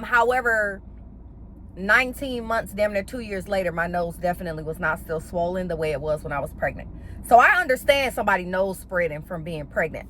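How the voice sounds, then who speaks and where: A woman's voice: mid-range voice, slight background noise. Sassy, blunt woman recapping reality TV. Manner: blunt, profane, sassy and opinionated; animated, with playful slang. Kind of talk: casual episode recap commentary.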